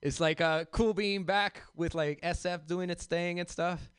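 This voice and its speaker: A man from South Central Los Angeles performs a stand-up set in a loose, rambling style, full of fillers and asides to the crowd. His voice sits a bit high and sounds smooth and clear. The sound is dry and close, with no room echo. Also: fairly even intonation, a little slow. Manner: loose, conversational, addresses the crowd as "y'all"; rambling with many fillers and restarts. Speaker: stand-up comedian.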